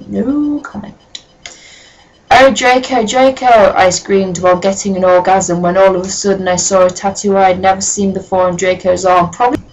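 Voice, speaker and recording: A woman reads a story aloud in a mid-pitched voice and keeps stopping to mock it with deadpan, sarcastic remarks. Her delivery is dry and amused. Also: low-quality recording. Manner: sardonic, deadpan asides. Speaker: reader of a fan story. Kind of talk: comic dramatic reading with commentary.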